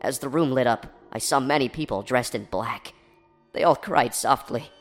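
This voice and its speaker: A man narrating an absurd horror story parody in a deadpan storytelling manner. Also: mid-range voice, moderate pace. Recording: faint background music.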